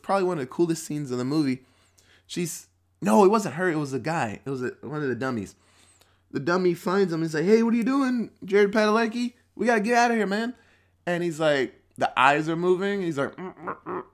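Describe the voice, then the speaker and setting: A young man talks through a movie plot in a loose, rambling podcast style. He backtracks and corrects himself mid-sentence and swears easily. When he quotes characters, he jumps up into higher, sillier voices. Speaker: podcast host. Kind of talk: casual movie recap.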